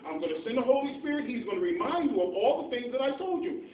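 A man preaches with impassioned, pleading fervor, pressing his listeners with question after question. His voice sits unusually high for a man. The sound is thin and phone-like, picked up from a distance in a reverberant sanctuary with a faint hiss underneath. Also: big pitch swings, fairly quick. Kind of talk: sermon. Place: church sanctuary. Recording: echoey church, far from mic, tinny phone-like sound, faint noise.

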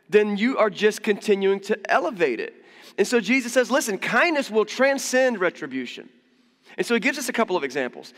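A man preaching a sermon as pastor in a church, conversational and animated, acting out quoted voices. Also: high-pitched. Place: church hall. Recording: long church reverb.

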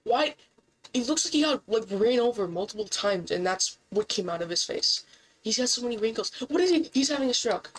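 Excitable and disbelieving, a woman narrates her gameplay casually and briskly, cursing a lot, her pitch jumping whenever she's caught off guard. The audio quality is rough.

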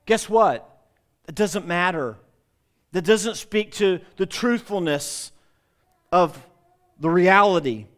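A man's voice: high-pitched, slow, pauses often, a bit bright. A male pastor preaching a sermon, emphatic, with frequent repetitions and restarts.

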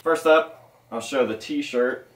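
A man's voice: medium pitch, takes it slowly. A man hosting a casual unboxing vlog as a mask collector, laid-back and profane, with a jokey, self-mocking way of talking. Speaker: mask collector and channel host. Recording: roomy echo, mic at a distance, faint noise.

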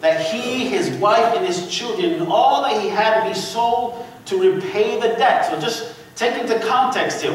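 Calling out to his congregation for responses, a pastor with a high-pitched voice tells the sermon's story animatedly. The microphone sits well away from him in the large, reverberant sanctuary, picking up a faint room murmur and slight background noise.

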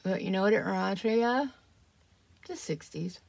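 Chatty woman with a gravelly voice. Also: mid-range voice, lively intonation, normal speed, darkish tone. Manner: chatty, rambling, self-deprecating. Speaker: vlogger. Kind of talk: casual get-ready-with-me chat.

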